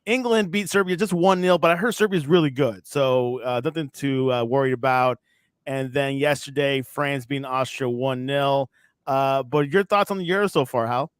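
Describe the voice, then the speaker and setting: Smooth-voiced man hosting a sports podcast. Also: medium pitch, no room sound, clean studio sound. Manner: brisk, runs through scores and prompts his co-host. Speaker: podcast host. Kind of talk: casual sports podcast chat.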